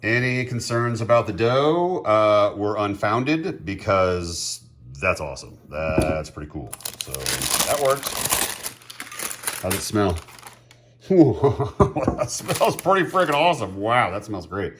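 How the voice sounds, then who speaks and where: A middle-aged man chatting casually as he cooks at home, laughing often and getting excited. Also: lowish voice, takes it slowly, background noise. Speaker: home cook. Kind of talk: casual cooking vlog.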